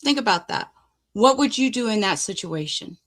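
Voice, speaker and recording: A woman's voice: medium pitch, animated, normal speed, a bit bright. A woman commentator speaking reflectively and asking listeners rhetorical questions.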